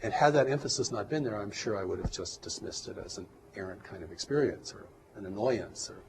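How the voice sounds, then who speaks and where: Calm, low-voiced man musing thoughtfully. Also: fairly quick, creaky, hardly any pauses, noisy background. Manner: calm, reflective and earnest. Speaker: guest. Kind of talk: interview talk.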